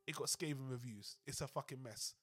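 A man co-hosting a casual podcast discussion, animated and heated, swearing freely. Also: mid-range voice, a little fast. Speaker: podcast co-host.

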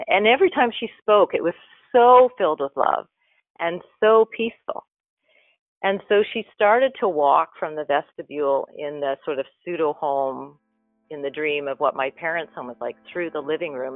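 A man's voice: high-pitched, moderate pace, no room sound. A man, a guest, telling a personal story in an earnest, reflective way and lingering over his words. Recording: phone-like line with faint music.

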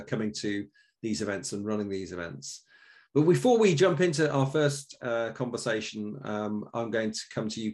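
A man's voice: mid-range voice, a little mellow. A man hosting an online panel, enthusiastic and hesitant, with frequent fillers. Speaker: event host.

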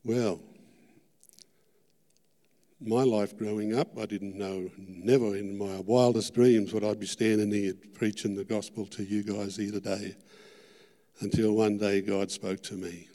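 A middle-aged Australian man preaching a sermon testimony, earnest and fervent, repeating his words and rising to loud peaks. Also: lowish voice, steady tone, a little slow, pauses often. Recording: long hall reverb.

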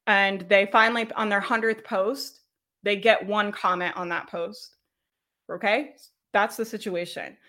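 Bright-voiced chatty woman coach. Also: mid-range voice, fairly even intonation, unhurried. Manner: chatty, laughs often, checks in with "right?". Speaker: business coach leading a workshop. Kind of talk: casual live workshop teaching.

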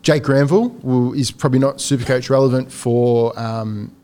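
A man's voice: mid-range voice, fairly even intonation, moderate pace, mellow. An Australian man co-hosting a podcast, laying out analysis in casual chat and laughing easily. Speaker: podcast co-host.

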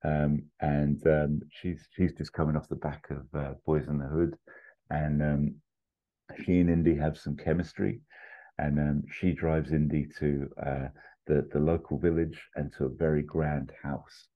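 A man co-hosting a podcast, casually pitching a movie plot in a rambling way with many fillers. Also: level tone, measured pace, narrow, tinny audio. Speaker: podcast co-host.

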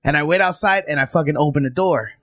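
A man's voice: fairly high pitch, fast, a bit bright, no room sound, studio quality. A man and stand-up comic chatting casually, telling an eager, profane fan story. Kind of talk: casual chat.

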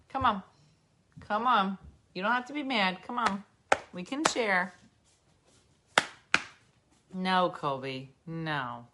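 Slow, lively New Jersey woman. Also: medium pitch. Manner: chatty, talks sing-song to her dogs. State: tipsy. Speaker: podcast host. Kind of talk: casual chat.

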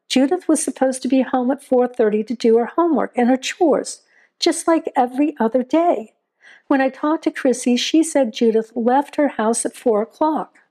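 Woman voicing high, shrill young mom, frantic, tearful, audio story. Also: warm tone, natural voice. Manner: breathless, pleading, rising to shrill. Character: distraught young mother, desperate and tearful.

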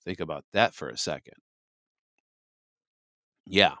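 A podcast host walks through scripture in a loose, conversational commentary, leaning on "you know" as he goes. His voice sits on the low side for a man and sounds dry and close, with no room around it. He hits his points with a preacher's emphasis. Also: slow pace, pushed and bright, dry recording. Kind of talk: casual Bible commentary.

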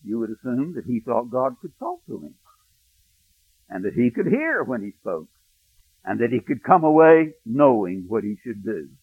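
A male pastor preaching a sermon, telling a personal story, hushed in tender moments and rising to emphatic preaching. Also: mid-range voice, very animated, normal speed, slightly rough, dry recording. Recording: dry, thin phone-like sound.

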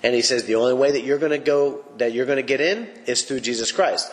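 A man's voice: mid-range voice, fast talker, hardly any pauses. Folksy, emphatic man preaching in reverb. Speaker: Bible teacher. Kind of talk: podcast Bible teaching. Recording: long reverb.

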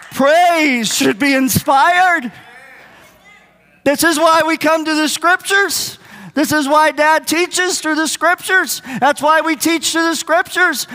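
A man's voice: very high-pitched, bright, forceful tone, in a large hall. A man preaching a sermon in an earnest, conversational way, asking the congregation rhetorical questions. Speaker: pastor. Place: church sanctuary.

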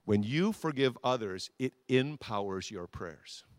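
Here a man with a medium-pitched, expressive voice preaches a little slowly, repeating lines forcefully and getting the congregation to say them back in call-and-response. There's no room sound in the recording.

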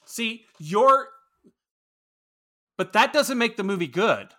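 A man's voice: sits high, animated, slow, sharp tone. A man co-hosting a podcast in casual film-review chat, rambling, opinionated and profane. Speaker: podcast co-host.

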